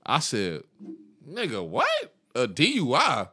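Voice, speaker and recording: A man's voice: on the low side, wildly swooping pitch, moderate pace, bright, forceful tone. A man in his thirties telling a long, profane story in casual chat, laughing and acting out the people in it.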